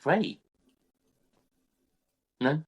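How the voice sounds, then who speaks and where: A man's voice: extremely slow, lo-fi sound. A man co-hosting a podcast, easygoing and agreeable in casual chat. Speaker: podcast co-host, rider.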